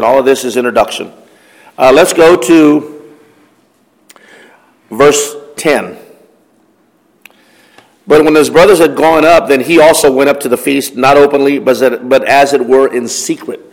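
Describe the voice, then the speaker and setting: A man's voice: medium pitch, normal speed, pauses often. A man preaching a Bible study sermon, reading verses aloud and then explaining them in a conversational way, posing questions to the congregation. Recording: long hall reverb.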